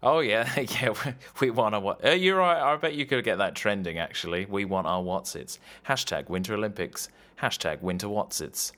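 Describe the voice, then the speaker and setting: A man's voice: fairly low pitch, brisk, few pauses, a bit bright. A man co-hosting a podcast, riffing sardonically in casual comedic banter. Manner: jokey, sardonic, riffing on absurd ideas. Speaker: podcast co-host.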